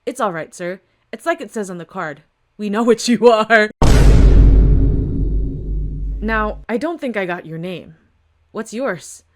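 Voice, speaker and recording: A man's voice: sits high, lively intonation, moderate pace, over loud music. A woman voicing a polished male shop owner who speaks politely and measuredly. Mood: courteous.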